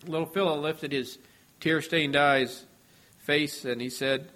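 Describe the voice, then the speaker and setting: A man preaching a sermon in a measured, earnest way, his voice dropping softly at the ends of phrases. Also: fairly high pitch, steady tone.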